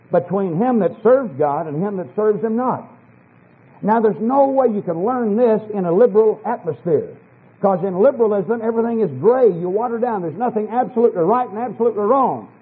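A man preaching a sermon, emphatic, dropping to low asides and rising to fervent scripture reading, on an old archival sermon tape. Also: slightly rough, phone-quality sound.

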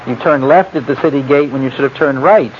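A man's voice: mid-range voice, brisk. Conversational man teaching scripture, muffled recording. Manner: conversational, digressive, many fillers and asides. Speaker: Bible teacher. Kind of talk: informal Bible lecture with anecdotes. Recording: muffled lo-fi recording with faint hiss.

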